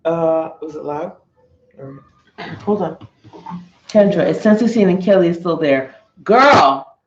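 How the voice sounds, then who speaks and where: A woman's voice: on the low side, slow pace, slight background noise. Joking, profane woman on a roomy podcast. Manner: animated, jokey, swears freely. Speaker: podcast co-host. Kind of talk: casual chat. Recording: roomy, dull lo-fi sound.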